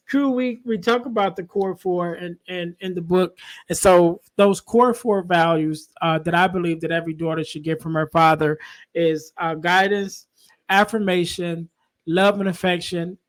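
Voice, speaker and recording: A man's voice: high voice, fairly even intonation, measured pace. A man hosting a podcast, asking long, conversational questions of his guest. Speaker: podcast host. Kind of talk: casual interview.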